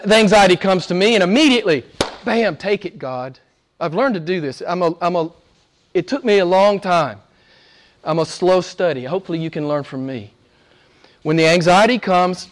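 An older man preaching a sermon, shifting from loud emphatic calls to hushed near-whispers and pressing his listeners with rhetorical questions. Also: high-pitched, brisk. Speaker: pastor.

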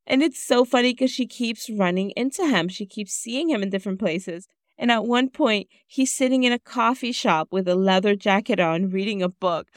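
A woman in her thirties, sarcastic and animated, recaps a film on a casual podcast and acts out the characters as she goes. Her voice is smooth and clear, recorded close and dry. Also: medium pitch, moderate pace, few pauses, no echo. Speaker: podcast co-host.

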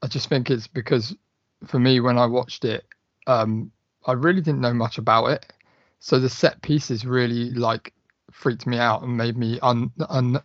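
A man's voice: medium pitch, no room sound, muffled recording. A man chatting eagerly and swearing on a film podcast. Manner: enthusiastic, sweary. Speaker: podcast co-host. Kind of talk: casual film podcast chat.

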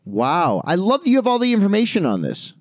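A man's voice: high voice, wildly swooping pitch, brisk, no room sound, studio quality. A man co-hosting a casual music podcast, joking and laughing often as he talks. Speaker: podcast co-host. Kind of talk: casual chat.

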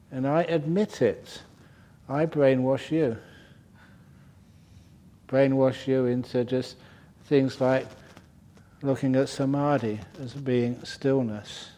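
A man's voice: medium pitch, mellow. An older man, a Buddhist monk, giving a humorous dharma talk, teasing and laughing at his own stories at a retreat. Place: retreat centre hall.

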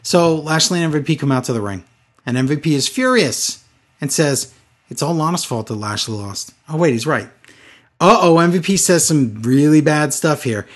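A man with a husky voice giving a sarcastic, mocking recap in casual chat. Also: a little high. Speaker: podcast co-host recapping wrestling.

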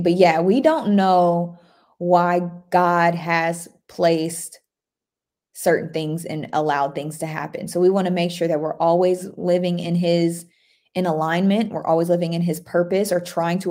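Reading out comments and welcoming viewers by name, this livestream host keeps the chat casual, chatty, and upbeat. She speaks at a moderate pace in a lowish, steady voice with a darkish tone.

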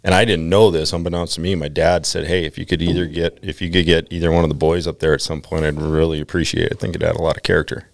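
Low gravelly man telling stories. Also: fast talker, hardly any pauses, no room sound. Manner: animated storyteller, quotes people in mock voices, swears freely. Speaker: podcast guest. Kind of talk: casual podcast chat.

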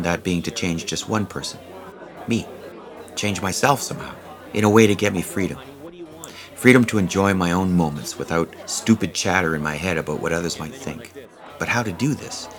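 Deep-voiced man narrating candidly. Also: normal speed. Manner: candid, wry, conversational, with casual swearing. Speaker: self-help narrator. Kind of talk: first-person audiobook narration.

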